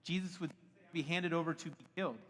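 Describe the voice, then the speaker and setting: Animated male preacher in a big hall. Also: on the high side, fast talker. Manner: conversational and animated, laughs often. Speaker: pastor. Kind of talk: sermon. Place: church auditorium. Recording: long hall reverb.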